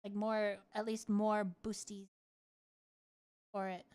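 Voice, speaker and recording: A woman's voice: medium pitch, level tone, slow pace, a little mellow, smooth. A woman streamer chatting casually on a live stream, playful and rambling, swearing freely. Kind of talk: casual livestream chat.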